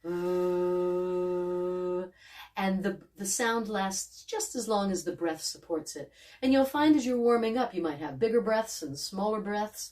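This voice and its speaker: A woman coaching actors through a vocal warm-up, speaking calmly and gently and demonstrating sighs, yawns and hums. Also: mid-range voice, far from the mic. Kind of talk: guided vocal warm-up instruction.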